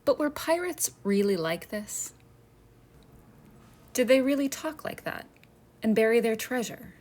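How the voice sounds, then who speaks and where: A woman's voice: a little high, expressive, measured pace, darkish tone. A woman museum educator, narrating a children's history lesson and asking her listeners friendly questions.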